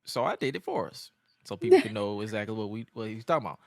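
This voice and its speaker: A man co-hosting a podcast, recapping an old wrestling show in casual chat, animated and laughing often. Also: on the low side, fast talker, creaky, dry recording, studio quality. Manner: animated, laughs often, puts on voices when quoting. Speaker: podcast co-host.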